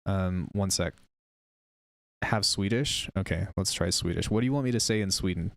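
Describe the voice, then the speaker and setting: On a laid-back live stream, a male producer demos software and talks with his viewers, wandering off topic and seeming uncertain. He speaks at a normal speed in a low, creaky voice.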